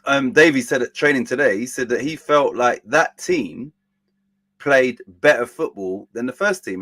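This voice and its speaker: A man's voice: medium pitch, normal speed, fairly bright tone. A man co-hosting a casual chat, teasing and laughing easily.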